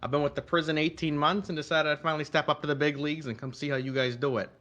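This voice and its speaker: A man's voice: on the high side, flat delivery, racing, pushed and bright, lo-fi sound. A man playing a prison sergeant in casual roleplay, speaking hesitantly with a cocky edge. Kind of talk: casual in-character roleplay chat.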